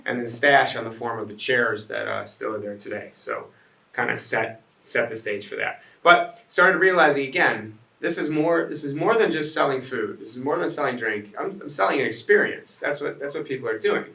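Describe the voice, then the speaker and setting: A restaurant owner with a gravelly, sharp-toned, mid-range voice gives a conversational design talk to a live audience at normal speed. He rambles, restarts sentences, and throws asides to the crowd. The audio is echoey and picked up from a distance.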